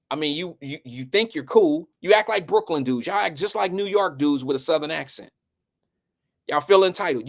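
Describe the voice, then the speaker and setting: A man hosting a live show, giving blunt and preachy casual commentary. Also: fairly high pitch.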